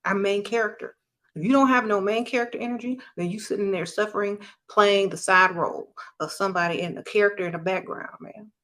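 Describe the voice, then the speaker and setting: A woman's voice: mid-range voice, quick pace, few pauses, fairly bright tone. A woman giving blunt relationship advice, scolding her listeners and mocking them. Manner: brash, scolding, mocks others in a whiny voice.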